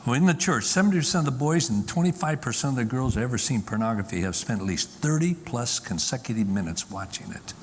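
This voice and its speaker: A man's voice: medium pitch, expressive, fast, few pauses, in a large hall, a little hiss or hum. A man giving an emphatic public talk from a stage to a live audience, often repeating key lines for effect. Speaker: Christian speaker.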